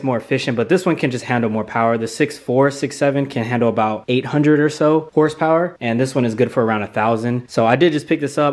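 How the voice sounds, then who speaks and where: Excited, slangy guy vlogging a car build. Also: medium pitch. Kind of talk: casual vlog talk.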